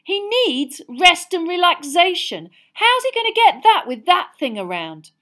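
A woman's voice: very high-pitched, big pitch swings, a little slow, pushed and bright, pitched above the performer's own voice, full character voice. A woman reading aloud, voicing a defensive, exasperated teenage boy wizard.

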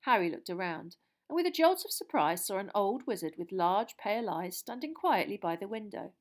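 A woman's voice: mid-range voice, very animated, moderate pace. Woman narrating a story. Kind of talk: audiobook narration.

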